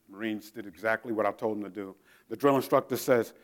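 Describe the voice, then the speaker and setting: A middle-aged male pastor preaching a sermon. He moves from a quiet prayer into lively storytelling and calls out loud military commands. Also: on the low side, quick pace. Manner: prays softly, then tells stories with shouted drill commands.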